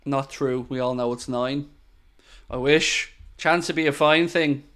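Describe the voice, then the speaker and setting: A man's voice: medium pitch, fairly even intonation, measured pace, a bit bright, clean tone. A man hosting a live football watchalong, chatting casually, thanking viewers and giving tactical opinions. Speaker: football channel host.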